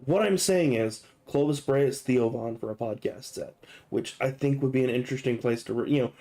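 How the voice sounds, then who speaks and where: A man's voice: medium pitch, moderate pace, warm tone, a little hiss or hum. A young man hosting a gaming video, riffing in a rambling, profane, joking way. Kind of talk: casual comedic commentary.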